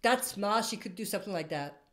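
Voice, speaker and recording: A woman answers viewer questions on a casual live stream, reading their comments and rambling through her replies while repeatedly correcting herself. Her mid-range voice is fast and lively in intonation.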